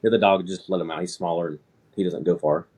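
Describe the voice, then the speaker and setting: Man, 30s, low husky voice, casual anecdote, self-deprecating. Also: fast. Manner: relaxed anecdotal storytelling, laughing at himself. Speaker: air traffic controller, guest. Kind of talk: casual storytelling.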